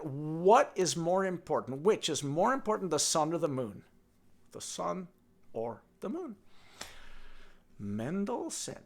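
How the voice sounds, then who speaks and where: An older man spins a village folktale. His voice is high and gravelly, and his pitch leaps all over. He is playful and animated, as if he is sharing the tale with a friend. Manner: animated, playful, talks to his donkey puppet. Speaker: storyteller. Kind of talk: oral folktale telling.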